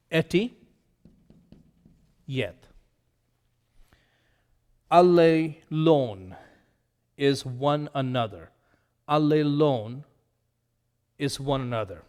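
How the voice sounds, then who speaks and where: A man leads a vocabulary drill at a very slow, deliberate pace, repeating each word and its meaning. His voice sits at an ordinary pitch and carries a long reverb tail. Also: a little mellow. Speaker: Greek teacher.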